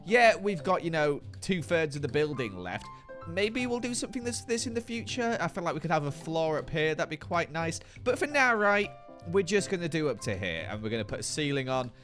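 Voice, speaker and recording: A man giving playful, self-mocking commentary as a Minecraft YouTuber. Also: a little high. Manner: jokey, self-mocking, animated.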